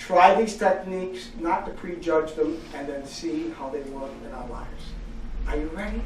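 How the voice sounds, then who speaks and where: A man's voice: on the high side, normal speed, noisy background. A man giving a live motivational talk as a psychotherapist, joking and leading the audience in call-and-response chants. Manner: energetic, jokey, call-and-response. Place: large public library hall. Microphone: far from the mic. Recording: echoey hall from far off.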